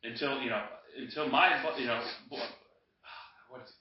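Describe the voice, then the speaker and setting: A man's voice: mid-range voice, normal speed, a little hiss or hum. A man co-hosting a podcast, ranting casually and profanely over drinks, heated and jokey. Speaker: podcast co-host. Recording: roomy, distant, dull lo-fi home recording.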